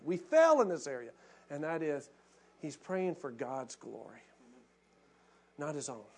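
A male pastor preaching a sermon, acting out quoted prayers with passion and dropping to hushed, reflective tones. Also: a little high.

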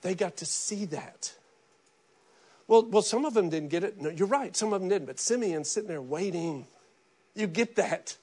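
A middle-aged man preaching with a high, light voice. He talks in a loose, conversational style, restarting phrases and dropping into little acted quotes as he goes. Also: animated, moderate pace, darkish tone, breathy edge. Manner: repeats words and restarts often. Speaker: pastor. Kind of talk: sermon.

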